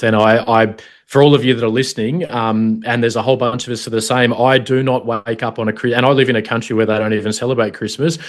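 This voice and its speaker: An Australian man, a former police officer, talks as a podcast guest. He comes across as frank and chatty, with the odd casual swear word. His voice sits at an ordinary middle pitch. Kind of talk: casual interview chat.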